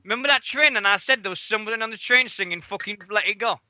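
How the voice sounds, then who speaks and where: A man's voice: high voice, very fast, bright, forceful tone, no echo. A British man hosting a wrestling radio show, swearing constantly as he rambles through stories. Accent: British English. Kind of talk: casual chat.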